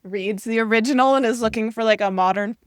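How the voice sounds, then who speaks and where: A woman co-hosting a casual book podcast, easygoing and relaxed, with frequent filler words. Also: a little high, quick pace, clean tone, no echo, studio quality. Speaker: podcast co-host.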